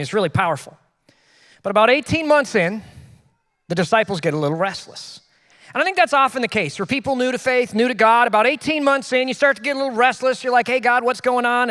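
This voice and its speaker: A man's voice: high-pitched, fairly bright tone, in a large hall. A young man preaching a sermon in a casual, conversational way, acting out quotes from the people he talks about. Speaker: pastor. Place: church hall.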